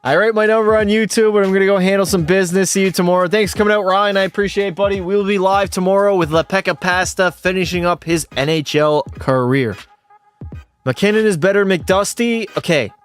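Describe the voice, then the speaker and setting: A man's voice: sits high, brisk, clean tone, faint music behind. A young man streaming a game, tipsy from beer, who swears freely and argues back at his chat. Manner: profane, argumentative, talks back to chat. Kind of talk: casual live-stream chat.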